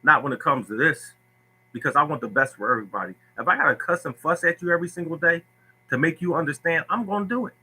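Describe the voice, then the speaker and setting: A man hosting a lottery livestream talks bluntly to his viewers and hammers every point home by repeating it. His voice is very bright and sharp, with a husky, raspy edge. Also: fairly high pitch, quick pace, rough recording. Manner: blunt, preachy, repeats himself. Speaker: lottery tips host. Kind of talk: livestream talk answering viewers.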